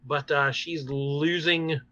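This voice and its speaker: Recapping episodes on his casual podcast, a man rambles energetically with plenty of fillers and small laughs. He talks slowly in a bright, high-leaning, nearly tense voice, captured dry and dull as if on a lo-fi mic with no room sound.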